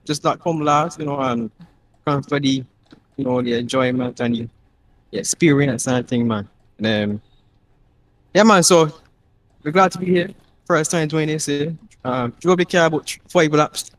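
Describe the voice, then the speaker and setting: A man's voice: a little high, moderate pace, pauses often, no echo. A man from Barbados with a Caribbean accent, chatting loosely in a casual interview, filling gaps with "yeah, man". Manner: relaxed, rambling, many fillers like "yeah, man". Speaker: racing league driver being interviewed.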